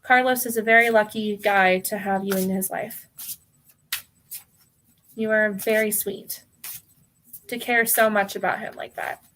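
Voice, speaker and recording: A woman's voice: medium pitch, fairly even intonation, measured pace, long pauses, slight background noise. An American woman hosting a live tarot stream, reading viewer names aloud, often laughing and calling people hon. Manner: warm, apologetic, giggly, calls viewers hon.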